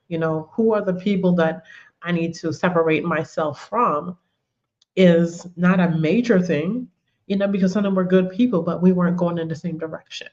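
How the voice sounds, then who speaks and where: A woman's voice: on the low side, moderate pace, darkish tone, lo-fi sound. A woman giving a conversational faith teaching, telling personal stories, repeating words and often saying "you know". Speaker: women's ministry teacher.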